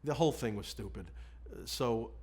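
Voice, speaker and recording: A middle-aged male defense lawyer looking back on a case in an interview, frank and animated, breaking into laughs as he tells it. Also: medium pitch, normal speed, slightly rough. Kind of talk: candid recollection in an interview.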